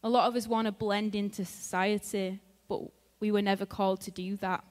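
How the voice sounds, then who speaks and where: A woman's voice: mid-range voice, level tone, a little fast. A woman giving a sermon in a church in a conversational way, laughing often and acting out what her friends said. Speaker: preacher. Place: church hall. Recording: long hall reverb.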